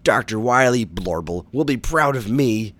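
A man's voice: medium pitch, animated, measured pace, a bit bright, voice pushed up. A man voicing a boastful frog-like male robot villain who gurgles and blurbles mid-sentence, in a storybook reading. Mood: gloating.

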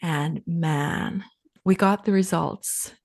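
A woman from Finland in her thirties, a guest on a podcast interview, talking in a relaxed, reflective way and turning lively when she quotes herself. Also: fairly low pitch, slow, vocal fry. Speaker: podcast guest, sales coach. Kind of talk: casual interview talk.

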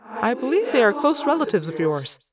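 A woman's voice: on the high side, a little fast, crowd noise, voice pushed up. A woman voicing a polite young male alien who speaks formally and precisely in a fan audiobook reading. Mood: formal calm. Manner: formal, precise, even-toned.

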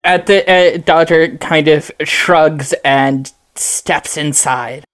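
A woman's voice: sits low, takes it slowly. A woman player chatting casually and laughing during a tabletop game.

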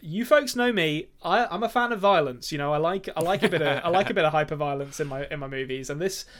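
A man's voice: a little high, fast, a bit bright. A man co-hosting a casual movie podcast, talking in a rambling, jokey way with frequent laughs and restarts. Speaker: podcast co-host. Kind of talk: casual movie review chat.

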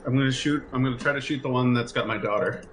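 A man's voice: mid-range voice, quick pace, background noise. A man playing a tabletop game, calling out his rolls and actions eagerly. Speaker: player. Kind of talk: casual banter at a game table.

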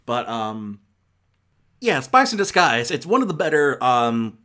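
A man's voice: medium pitch, sing-song, unhurried, sharp tone. A man giving a casual spoken film review on a podcast, rambling and self-correcting with many fillers and exasperated asides.

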